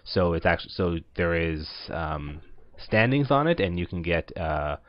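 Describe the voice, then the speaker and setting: Man, deep voice, casual let's-play host, rambling with fillers, dry and muffled lo-fi recording. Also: unhurried, no echo. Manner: rambling, many filler words. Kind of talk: casual gameplay commentary.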